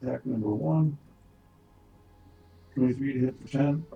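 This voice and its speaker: A man's voice: medium pitch, normal speed, creaky, lo-fi sound, soft background music. A man playing a tabletop game, calling out his character's attacks in casual chat. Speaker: player. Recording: roomy, distant mic.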